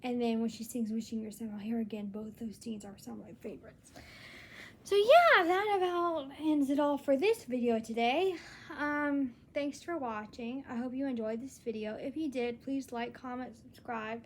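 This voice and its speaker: A woman's voice: on the high side, moderate pace. Earnest rambling young woman vlogger. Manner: earnest, rambling, frequent restarts and fillers. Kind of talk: casual solo vlog.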